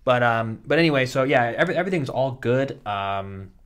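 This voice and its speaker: A man's voice: mid-range voice, expressive, a little fast, fairly bright tone, clear, resonant tone. A man in his thirties, co-hosting a casual podcast chat, rambling with many restarts and fillers. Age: 30s. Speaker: podcast co-host and soap actor.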